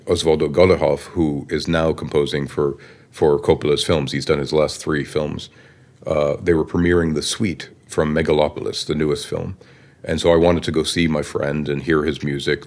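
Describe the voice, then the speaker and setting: A man telling a long, chatty anecdote in an interview, animated and conversational. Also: very deep voice.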